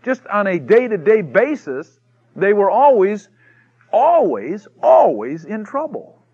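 A man preaching a sermon, telling a story with lively acted-out quotes that swing from shouts to hushed asides. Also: high voice, slow pace, husky, muffled recording. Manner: animated storytelling, acts out quotes with shouts and mock whispers.

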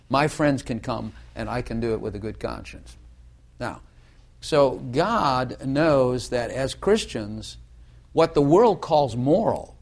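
A man's voice: mid-range voice, a little mellow. A middle-aged man preaching a sermon in a loose, conversational way, full of restarts and asides.

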